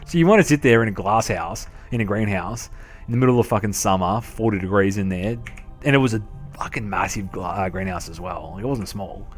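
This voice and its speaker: With soft music in the background, a thirtysomething Australian game streamer tells casual stories in a lowish, brisk voice. He's matey and profane, swearing freely and laughing as he goes.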